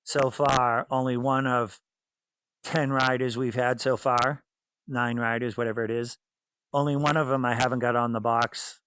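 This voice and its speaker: A man's voice: medium pitch, little pitch movement, moderate pace, fairly bright tone, smooth, no room sound, low-quality recording. A man in his fifties with a Boston accent, a former racer telling stories bluntly in a casual interview. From New England, south of Boston. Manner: blunt, storytelling, acts out voices in anecdotes. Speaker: former racer and team owner.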